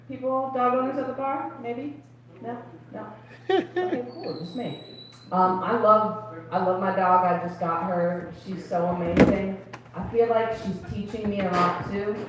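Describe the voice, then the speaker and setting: A woman's voice: mid-range voice, animated, heavy reverb, far from the mic, a crowd in the background, low-quality recording. A young woman doing chatty, confiding stand-up comedy at an open mic in a club. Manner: chatty, confiding, quick asides.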